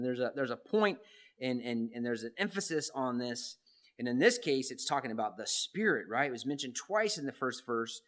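A man with a slightly higher voice preaches to his congregation. He talks in a loose, conversational way, restarting phrases and tossing out rhetorical questions. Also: a bit bright. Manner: conversational, repeats words and asks rhetorical questions. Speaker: pastor. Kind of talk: sermon.

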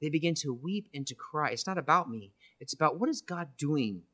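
A man with a slightly raised voice delivers a sermon-style testimony. He speaks earnestly and reflectively, often checking in with a quick "right?" to keep his listeners with him. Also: a little high, expressive, a bit bright.

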